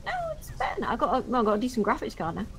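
A woman's voice: fairly high pitch, very animated, racing, slight background noise. A young woman chatting bluntly and joking with lots of swearing while playing a game with a friend. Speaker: gaming streamer. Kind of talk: casual gaming chat.

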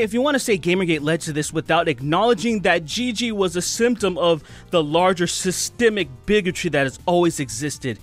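Ranting about online culture, a man hosting a commentary YouTube channel speaks with a fairly high, slightly bright voice, his remarks heated, sarcastic and profane.

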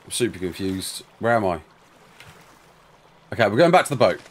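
Lively, chatty man streaming a game. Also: fairly low pitch, noisy background. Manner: chatty, rambling, talks to chat and himself, quick exclamations. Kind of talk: casual live-stream chat while playing.

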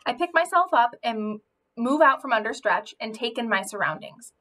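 A woman reading a children's novel aloud, telling it in an expressive first-person voice. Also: a little high, moderate pace. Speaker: audiobook reader.

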